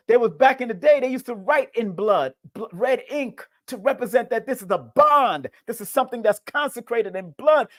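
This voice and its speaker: A middle-aged man hosting a livestream, giving an emotional, preachy spiritual talk and calling his viewers family. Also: extremely high pitch. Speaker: livestream host.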